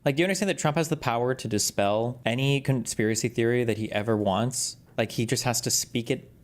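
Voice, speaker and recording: A male political streamer giving commentary, brisk, dismissive and argumentative. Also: medium pitch.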